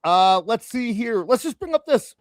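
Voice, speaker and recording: A man hosts a casual wrestling talk show at normal speed, rambling with a co-host. His delivery is animated with sudden jumps in pitch, recorded without echo.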